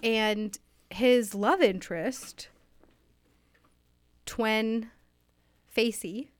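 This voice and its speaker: A woman's voice: fairly high pitch, clean tone, no echo. Earnest woman rambling in a mock interview, restarts a lot, dry close mic. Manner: earnest, halting, wistful with many restarts. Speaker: interviewee playing a fictional author. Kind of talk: improvised comedy interview. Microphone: studio microphone.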